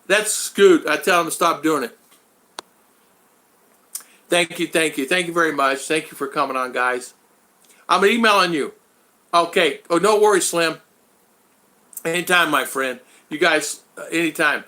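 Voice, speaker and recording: A man hosting a casual live stream, rambling and thanking his viewers one by one, his voice going hoarse after hours of talking. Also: fairly high pitch, unhurried, long pauses, sharp tone.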